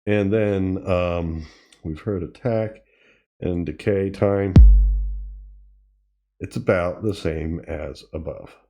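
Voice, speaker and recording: A man hosting a tutorial, casually demonstrating gear and thinking aloud with pauses and self-corrections. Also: deep voice, vocal fry, warm tone, faint music behind. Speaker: tutorial host. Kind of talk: casual demo while playing. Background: drum machine sounds he is playing.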